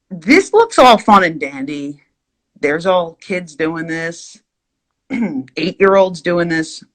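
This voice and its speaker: Rambling, animated woman vlogger. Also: lowish voice. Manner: rambling, animated, filler-heavy. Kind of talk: casual storytime vlog while drawing.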